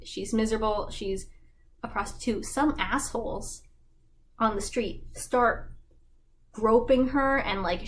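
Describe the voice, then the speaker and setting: A woman's voice: a little high, a little hiss or hum, low-quality recording. A woman giving a casual, slangy plot summary, chatty and full of likes. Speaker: fandom explainer host.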